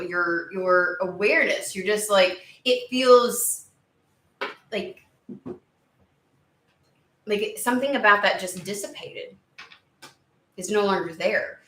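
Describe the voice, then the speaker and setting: A woman talking through a tarot reading in a loose, rambling way, circling around her words. Her voice is bright and clear-toned, set back from the mic in an echoey room. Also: mid-range voice, far from the mic. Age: under 70. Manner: rambling, searching for words, many "like"s. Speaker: tarot reader. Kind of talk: casual spoken tarot reading.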